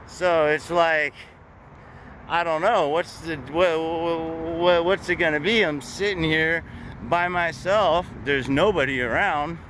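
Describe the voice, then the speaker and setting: A man's voice: on the high side, steady tone, slow pace, bright, forceful tone. Blunt, profane man vlogging with traffic behind. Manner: blunt, profane street talk with wry laughs. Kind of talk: casual street monologue.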